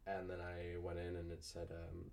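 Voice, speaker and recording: A young man from Georgia, an actor guest, telling an animated story with many likes and asides. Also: deep voice, moderate pace, vocal fry, distant mic, slight background noise. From Georgia, USA. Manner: animated, chatty, lots of "like". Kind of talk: casual storytelling.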